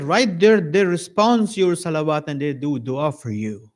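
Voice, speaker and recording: Man preaching an animated sermon. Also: moderate pace. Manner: animated, acts out little dialogues with varied pitch. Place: mosque lecture hall.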